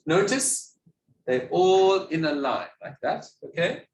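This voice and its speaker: A man's voice: a little high, expressive, takes it slowly, slight background noise. A man giving a music theory lecture, patiently asking questions and answering them himself. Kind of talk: classroom lecture. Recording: echoey room, mic at a distance.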